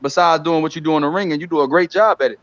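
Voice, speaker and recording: A man talking fast and heatedly on a live stream, ranting and mocking with quick impressions. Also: fairly high pitch, a bit bright, no echo, muffled recording. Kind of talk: heated casual talk.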